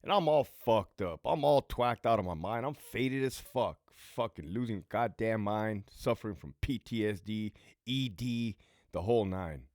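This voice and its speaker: Man, late 30s, from Southern California, lowish voice, profane rambling storyteller, dry recording. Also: expressive, measured pace, darkish tone, dry recording. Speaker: channel host and ex-prison guard.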